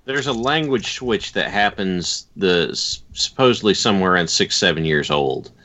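A man co-hosting a podcast, talking casually in a measured, hesitant, explanatory way. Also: sits low, lively intonation, pushed and bright. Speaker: podcast co-host. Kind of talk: casual chat. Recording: dull lo-fi sound.

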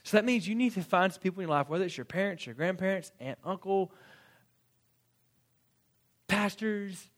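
Animated casual man preaching. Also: high-pitched. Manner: casual, animated preaching with quick asides and acted-out quotes. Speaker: pastor. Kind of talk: sermon.

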